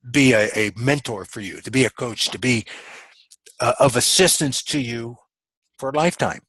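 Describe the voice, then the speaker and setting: A man's voice: mid-range voice, a bit bright, no room sound, rough recording. A man giving a motivational coaching talk in a webinar, earnest and emphatic, repeating his key phrases. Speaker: business coach.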